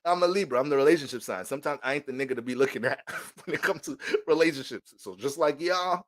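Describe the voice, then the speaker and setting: A young man giving a casual, profane, joking astrology reading in animated rants. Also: medium pitch, quick pace. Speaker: astrology reader.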